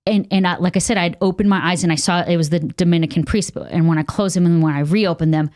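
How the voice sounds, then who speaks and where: A woman's voice: lowish voice, fairly even intonation, quick pace, a little mellow, dry recording, studio quality. A young adult woman from Texas, a podcast guest, telling a candid personal testimony with many fillers and acted-out quotes. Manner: earnest, candid, many fillers, acts out what people said.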